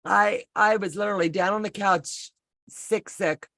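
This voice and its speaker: A woman's voice: medium pitch, fairly even intonation, unhurried, fairly bright tone, dry recording. A woman telling a rambling personal story in casual chat over a video call from home, chatty and folksy with self-deprecating humor. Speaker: co-host of a sewing pattern walk-through.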